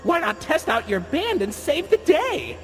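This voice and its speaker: A man's voice: extremely high pitch, wildly swooping pitch, unhurried, music in the background, exaggerated voice. A man voicing a cheerful cartoon raccoon mascot who guides visitors through a theme park in an upbeat, salesy patter. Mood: cheery. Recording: echoey reverberant game audio.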